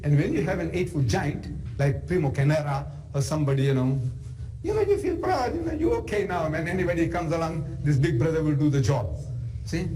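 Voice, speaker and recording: Animated South African male lecturer. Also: on the high side, rough recording. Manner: animated, conversational asides. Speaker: Islamic lecturer. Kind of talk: storytelling lecture.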